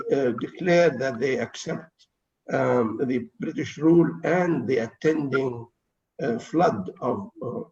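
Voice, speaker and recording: Slow, gravelly elderly man. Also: a little high, a little mellow. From Palestine. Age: 80s. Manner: slow and deliberate, many hesitant fillers. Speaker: interview guest. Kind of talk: historical interview answers. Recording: dull lo-fi recording.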